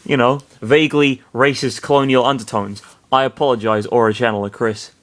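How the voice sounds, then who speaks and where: Self-mocking male reader, mid pitch. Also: steady tone, normal speed, a bit bright. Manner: self-deprecating, apologetic asides. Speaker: reader, narrator. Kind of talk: reading fan fiction aloud with commentary.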